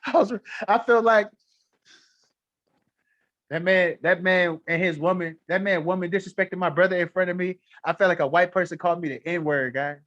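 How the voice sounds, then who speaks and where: A man's voice: sits high, normal speed, a bit bright, no echo, dull audio. A man telling a story in casual talk on a live stream, blunt, heated and profane. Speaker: livestream guest.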